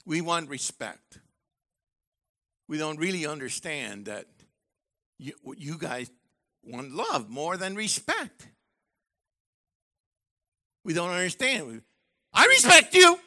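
A man preaching a sermon in an animated, joking way, acting out little voices as he goes. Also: a little high, slow, pauses often. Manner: animated, jokey, acts out voices. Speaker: university professor.

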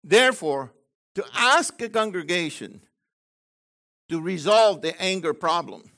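A man preaches slowly, taking his time, his bright voice rising for emphatic points and dropping low for asides to the congregation. He drifts into digressions and restarts mid-thought, with a lively, wide-ranging pitch. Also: gravelly. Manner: animated preaching, swings between loud emphasis and quiet asides. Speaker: messianic congregation leader. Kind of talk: sermon.

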